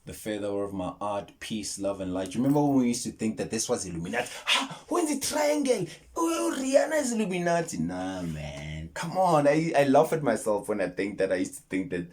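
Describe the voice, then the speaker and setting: Animated South African man signing off a vlog. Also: fairly quick, few pauses. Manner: animated, playful, jumps into high exclamations. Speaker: film breakdown vlogger. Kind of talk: casual vlog sign-off.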